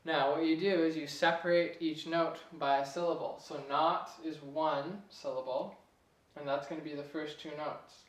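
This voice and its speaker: A young man giving a casual piano lesson, relaxed and chatty, chuckling at himself now and then. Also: a little high, normal speed, distant mic. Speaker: piano teacher. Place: room with a piano. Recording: echoey room, voice off-mic.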